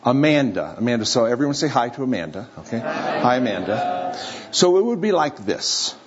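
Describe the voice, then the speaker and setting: A man's voice: mid-range voice, big pitch swings, normal speed. A man preaching a sermon to a live congregation, telling a story with playful acted-out voices. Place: church or hall with a live audience. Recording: slightly dull recording with faint room noise.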